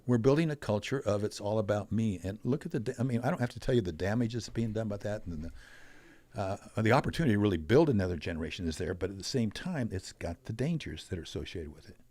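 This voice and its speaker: An older man telling stories as a podcast guest, animated, acting out quoted voices. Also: fairly low pitch, fast, dry recording. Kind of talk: storytelling in a conversational interview.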